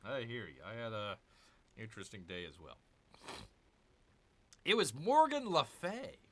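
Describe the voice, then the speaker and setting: A man's voice: mid-range voice, wildly swooping pitch, measured pace, a bit bright. A man hosting a casual let's-play, chatting with viewers and muttering to himself over his moves. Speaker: gaming channel host.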